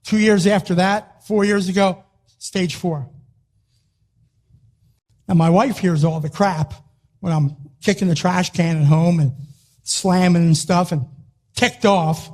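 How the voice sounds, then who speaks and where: An older man giving a motivational speech to an audience, emphatic and repetitive, sometimes rising to a shout. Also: high-pitched, fairly even intonation, takes it slowly, long pauses. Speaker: motivational speaker.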